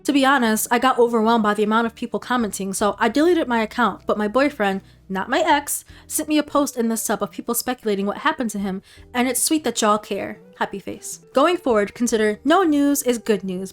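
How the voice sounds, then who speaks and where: A woman's voice: a little high, a little fast, soft background music. A woman hosting a commentary video, reading online posts aloud with casual conversational asides. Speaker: commentary YouTuber.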